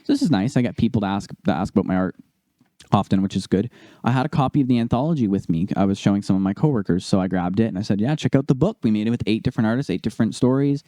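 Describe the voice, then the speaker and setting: A young man co-hosting a casual podcast, telling a story with lively delivery and acting out the people he quotes. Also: lowish voice, very fast, no room sound, clean studio sound. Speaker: podcast co-host.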